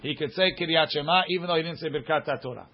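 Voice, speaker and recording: A man teaching a religious law class, reading source text quickly and then explaining it casually to students, in a dull lo-fi recording. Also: on the high side.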